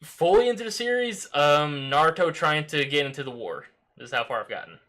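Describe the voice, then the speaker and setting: A man's voice: a little high, expressive, a little fast, pushed and bright. A man chatting casually with a friend during a game, easygoing and laughing often. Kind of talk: casual chat over voice chat.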